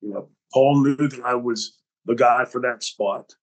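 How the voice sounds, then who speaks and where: A man hosting his own podcast, telling backstage stories in an animated, profane way and acting out the dialogue. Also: medium pitch, a little slow, low-quality recording. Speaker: podcast host. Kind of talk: storytelling podcast talk.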